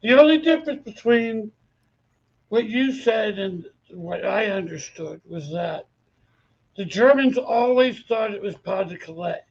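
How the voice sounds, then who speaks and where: Brief: male podcast co-host with a high voice, relaxed conversational manner. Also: unhurried, vocal fry, lo-fi sound, a little hiss or hum. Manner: relaxed, many filler acknowledgements. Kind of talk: casual conversation.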